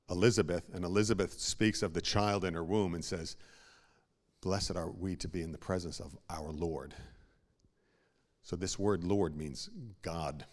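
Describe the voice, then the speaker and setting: Low-voiced man preaching a sermon. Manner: swings from hushed asides to loud emphatic peaks; repeats words when building a point. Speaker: pastor.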